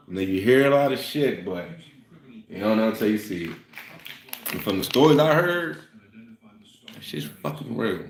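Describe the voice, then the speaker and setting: A man's voice: fairly low pitch, slight background noise. A man in a casual monologue, ranting in a profane, fired-up way. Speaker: vlogger. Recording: roomy echo.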